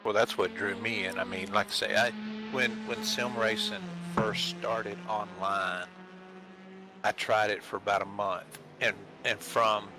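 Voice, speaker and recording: A man's voice: fairly low pitch, fairly even intonation, a little slow, background noise. A man in casual voice chat, speaking in a friendly, straightforward way about his years in online sim racing.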